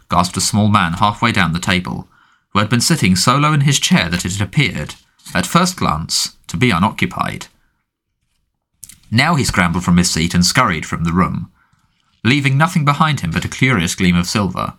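A man narrating a fantasy audiobook in a measured, dramatic storytelling manner. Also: sits low, very animated, fairly bright tone.

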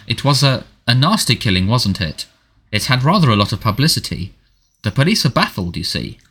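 A man voicing an irritable middle-aged male prime minister who blusters with sharp, indignant outbursts. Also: mid-range voice, sing-song, a little fast, breathy edge, full character voice.

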